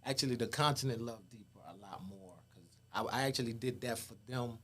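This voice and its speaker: A man appearing as a guest musician on a podcast, talking in a relaxed, easygoing way. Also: medium pitch, a little fast. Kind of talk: casual chat.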